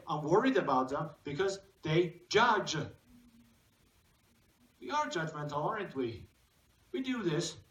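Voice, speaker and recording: Guy w teaching a poem, bit high voice, roomy hall, mic far off. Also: fairly bright tone. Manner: reads poem lines aloud and comments, asks the audience questions. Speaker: literature lecturer. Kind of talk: lecture to a live audience. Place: cinema hall.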